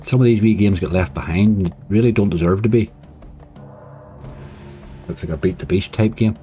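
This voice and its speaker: A man's voice: lowish voice, moderate pace, mellow, soft background music. A man casually commenting on his slot play, chatty and cheering when bonuses land. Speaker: slots streamer.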